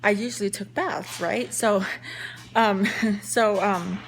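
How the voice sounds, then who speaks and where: A woman's voice: medium pitch, steady tone, slow pace, gravelly, a little hiss or hum. A young woman telling a casual story-time vlog, chatty with lots of fillers and restarts. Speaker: vlogger.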